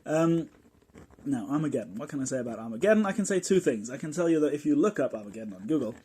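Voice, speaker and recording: Podcast host guy, mellow warm voice, jokey animated explaining. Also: medium pitch, quick pace, husky. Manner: playful, animated, jokey storytelling. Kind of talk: casual explanatory podcast talk.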